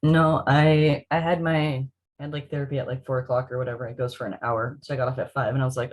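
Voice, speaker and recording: A man who is a student in a language class, trying phrases slowly and hesitantly. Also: medium pitch, level tone. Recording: tinny phone-like call audio.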